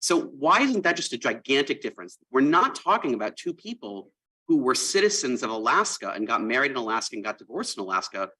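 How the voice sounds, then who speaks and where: Male appellate judge, rapid pressing questions, bright husky voice, courtroom livestream. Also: medium pitch, big pitch swings, rough recording. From Wisconsin. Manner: fast, pressing, argumentative questions.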